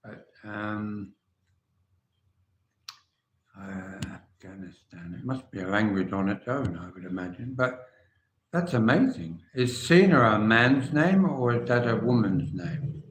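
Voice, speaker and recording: A man's voice: on the low side, animated, measured pace, roomy sound, a little hiss or hum. An older English man hosting a casual livestream, chatting and answering viewers' comments by name. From England. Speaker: livestream host.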